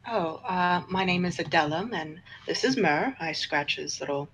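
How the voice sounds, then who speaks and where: Low-voiced woman playing a tabletop game. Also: moderate pace, a bit bright, slight background noise, poor audio. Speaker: player.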